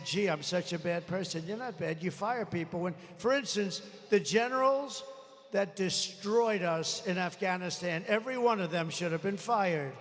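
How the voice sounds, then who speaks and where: Gravelly high-pitched guy ranting at a big rally, throat strained, long echo in the hall. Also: slight background noise. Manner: rambling, combative, swings between muttering and shouting. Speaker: political candidate. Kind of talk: campaign rally speech. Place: large rally venue. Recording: live rally with long reverb.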